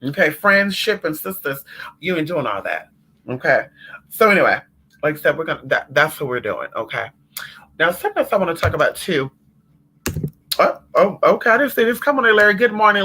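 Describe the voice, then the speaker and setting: A man's voice: on the high side, pushed and bright. A man running a casual livestream as a spiritual consultant, talking in a sassy, emphatic way and calling listeners honey and girl.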